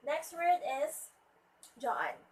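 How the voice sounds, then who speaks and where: A woman teacher giving a pronunciation lesson, slowly repeating each word to model its stress. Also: sits high, very animated. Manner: slow and deliberate, repeats words to model stress. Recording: voice from a distance with faint ambience.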